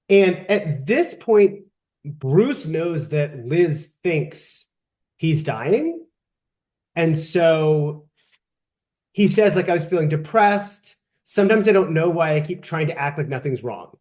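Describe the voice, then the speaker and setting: A woman co-hosting a podcast, commenting on a book in a casual, animated way with sarcastic asides. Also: low-pitched. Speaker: podcast co-host. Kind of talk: casual book-recap chat.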